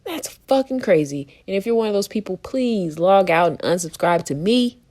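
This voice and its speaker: With an animated, mid-range voice, a darkish tone, and a moderate pace, a woman co-hosts a podcast. Her casual opinion talk is frank and full of swearing, with frequent exasperation and laughter.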